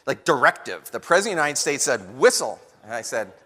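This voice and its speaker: A man giving a lively storytelling talk to an audience, acting out the voices of people in his story. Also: mid-range voice, quick pace. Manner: animated storyteller acting out quotes. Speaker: guest speaker. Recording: long hall reverb.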